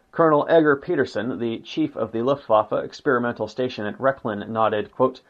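Man reading history aloud, lo-fi. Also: medium pitch. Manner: unhurried reading, says "quote" and "end quote", occasional slips. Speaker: narrator.

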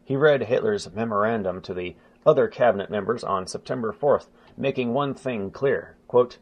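A man reading a history book aloud in a measured way, stumbling and restarting now and then and announcing quotes aloud. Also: lowish voice. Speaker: narrator. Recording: dull lo-fi recording.

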